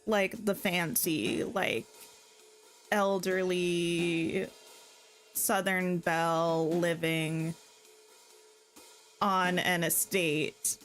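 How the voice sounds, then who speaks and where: A woman's voice: fairly low pitch, little pitch movement, drawn-out words, long pauses, fairly bright tone, faint music behind. A woman streamer chatting and reading narration aloud while playing a story game. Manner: chatty, laughing recap. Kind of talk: casual let's-play commentary and reading narration.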